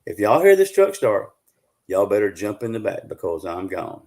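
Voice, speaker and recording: A Southern US man quoting his worried, sharp-tongued wife in a blunt, bossy tone, using his own voice raised a little. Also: fairly low pitch, very animated, moderate pace.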